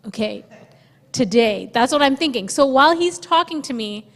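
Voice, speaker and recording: A woman sharing a testimony in a church, telling her story with animated energy, laughing and acting out what she thought. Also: high voice, moderate pace. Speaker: guest speaker sharing testimony with husband. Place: church sanctuary. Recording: reverberant church sanctuary.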